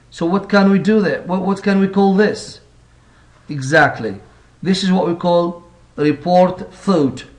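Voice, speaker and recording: A male English teacher with a high-pitched voice gives a recorded lesson, explaining slowly, rephrasing his points, and putting rhetorical questions to the class.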